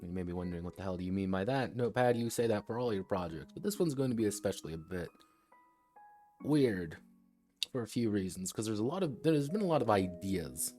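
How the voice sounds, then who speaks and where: A man with a fairly low voice talks through game design ideas on a casual livestream. He rambles and digresses, thinking aloud as he goes. Faint music plays softly behind him. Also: animated, fairly quick. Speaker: tabletop game designer and streamer.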